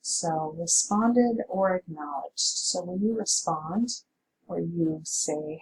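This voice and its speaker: A woman's voice: on the low side, takes it slowly, a little mellow, a little hiss or hum, low-quality recording. A woman teacher giving a recorded spelling lesson, patiently sounding out words.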